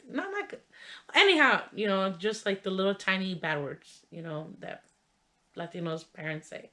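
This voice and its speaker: A young woman tells a childhood story to her vlog camera in a loose, chatty way. Her voice sits at an ordinary middle pitch. She leans heavily on fillers like "like" and "you know" as she goes. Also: expressive, measured pace, pushed and bright. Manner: laughs while telling the story. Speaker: vlogger. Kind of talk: casual storytelling.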